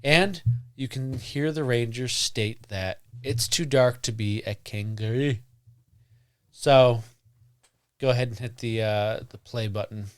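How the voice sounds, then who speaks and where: A man's voice: mid-range voice, slow, clear, resonant tone. A man hosting a podcast, chatting casually and reading sighting accounts aloud with frequent restarts. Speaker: podcast host.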